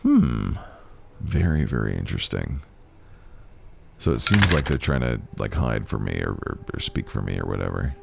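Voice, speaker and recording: Brief: male gaming host with an extremely low, creaky voice and lively, animated delivery, faint music behind. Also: moderate pace, very noisy. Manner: animated, reacts and muses aloud. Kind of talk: playthrough commentary and reading game text aloud.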